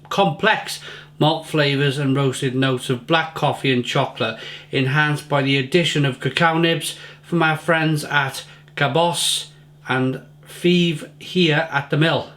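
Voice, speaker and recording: A man's voice: on the high side, a bit bright. A middle-aged man giving a casual, enthusiastic beer tasting review, often repeating and restarting his words.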